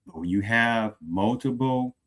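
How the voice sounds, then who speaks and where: Hosting an opinionated commentary program, a man talks a little slowly in a mid-range voice, hammering his points home. He repeats phrases, lengthens stressed words, drops from loud to hushed, and keeps asking "do you understand."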